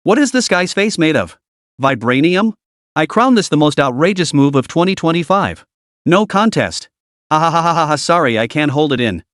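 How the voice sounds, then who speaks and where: A man voicing a crowd of mocking, excitable livestream commenters. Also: fairly high pitch, moderate pace, no room sound, clean studio sound. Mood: astonished. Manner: sneering, excitable. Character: jeering online livestream commenters, mocking and gleeful.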